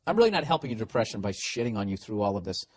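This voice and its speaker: A man's voice: lowish voice, big pitch swings, rapid-fire. A man with a Boston accent hosting a podcast, reading listener mail aloud and mocking it with sarcastic, profane, incredulous remarks. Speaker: podcast host.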